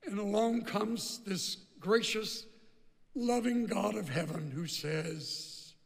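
Pastor, male, gravelly and high, measured delivery, echo of a big sanctuary. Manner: emphatic, repeats phrases for stress. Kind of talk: sermon.

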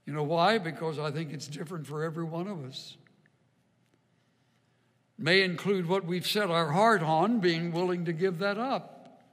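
Male pastor, middle-aged, wry and earnest, fairly high pitch, echoey sanctuary sound. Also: moderate pace, pauses often, a bit bright. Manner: conversational storytelling, wry and earnest. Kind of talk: sermon with personal stories. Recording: long reverb of a large hall.

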